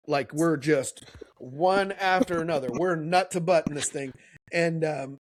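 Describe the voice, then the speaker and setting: Middle-aged male podcast co-host, animated storyteller, a bit higher pitched. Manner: animated storyteller, acts out quoted voices. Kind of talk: casual storytelling chat.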